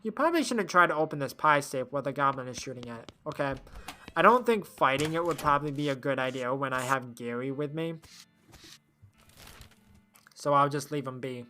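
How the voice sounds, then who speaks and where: Let's-play streamer, expressive pitch, reads text and muses aloud, soft music behind. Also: brisk. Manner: rambling, thinks aloud, trails off. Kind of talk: reading game text aloud while playing.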